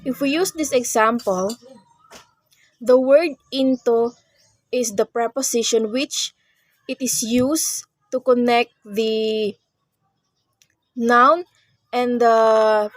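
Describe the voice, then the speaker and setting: A woman's voice: fairly high pitch, fairly even intonation, slow, long pauses, dry recording. A young woman, presenting a class report on grammar in short read phrases. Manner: reads explanations in short phrases, with small restarts. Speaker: student presenter.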